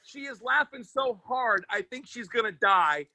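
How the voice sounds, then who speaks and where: A man, a comedian guest on a podcast, telling a profane story in a lively, casual way and acting out other people's voices. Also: very high-pitched, a little slow, dry recording. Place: podcast studio.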